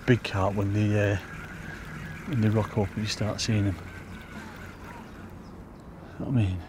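A chatty man talks to his viewers as he fishes at a lake, calling them folks and getting excited over each catch. His voice sits low, and there is a faint hum of outdoor ambience behind him. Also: unhurried. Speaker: angler demonstrating fishing. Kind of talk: casual commentary while fishing.

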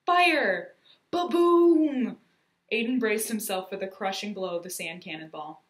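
A woman's voice: medium pitch, fairly quick, echoey room. Woman reading a children's story aloud. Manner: expressive, lively storytelling. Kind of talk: storybook narration.

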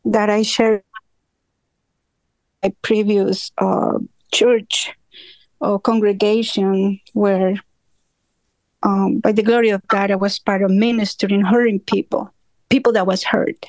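A woman's voice: mid-range voice, little pitch movement, slow, pauses often, darkish tone, dry recording. A woman in a study group sharing a personal testimony over a remote call, talking earnestly with small grammar slips. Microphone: remote call audio.

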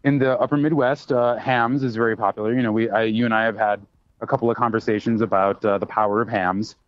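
A man's voice: on the low side, fairly even intonation, fast talker, no room sound. Rambly bartender guy chatting on a podcast, lots of uh and like, kinda muffled dry audio. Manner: rambling and talkative, with many fillers and restarts. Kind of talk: casual chat. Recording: dry, slightly dull sound.

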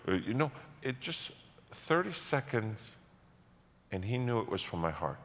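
Animated pastor preaching in a reverberant hall. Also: male voice, medium pitch, normal speed. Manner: animated storytelling with self-mocking humor. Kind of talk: sermon. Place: large church hall.

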